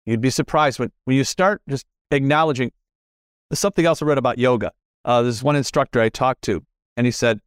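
A middle-aged man talks as a podcast guest in casual, earnest conversation about spirituality. He repeats phrases and restarts his sentences often. His medium-pitched voice is recorded close and dry, with no room echo. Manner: earnest, repetitive, self-correcting.

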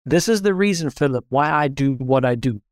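A man being interviewed, telling a parable in a calm, measured way. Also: mid-range voice, dry recording. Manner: calm, measured, repetitive storytelling. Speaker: interview guest. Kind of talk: storytelling in conversation.

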